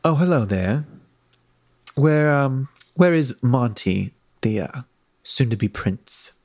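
A man's voice: medium pitch, animated, slow pace, a little mellow, no room sound, voice pushed down. A man voicing a stern, weary woman officer in a tabletop game, threatening prisoners. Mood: smug.

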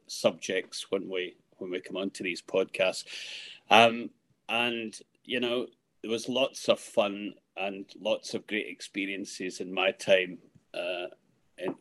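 A Scottish man in his sixties with a fairly low voice tells a long story as a podcast guest. He rambles, doubles back and restarts his sentences, and keeps adding asides as he goes. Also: gravelly, a bit bright. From Scotland. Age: 60s. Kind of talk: anecdotal storytelling.

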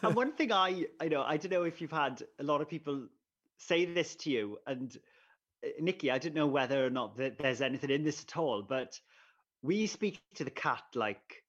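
A man, a radio presenter, guesting on a podcast in playful, animated casual chat. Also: on the high side, moderate pace, breathy edge, muffled recording. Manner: playful and animated, laughs often.

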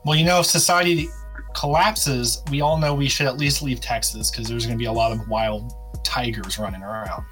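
A man's voice: mid-range voice, steady tone, normal speed, fairly bright tone, faint music behind. A man co-hosting a podcast, chatting casually and rambling through silly hypotheticals. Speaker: podcast co-host.

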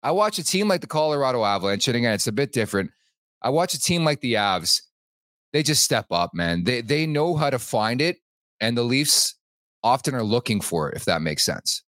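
A man's voice: medium pitch, big pitch swings, brisk, fairly bright tone, no echo. Casual man on a dry podcast mic. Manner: loose, leans on "like", swears casually. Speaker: podcast host. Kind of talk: casual sports chat.

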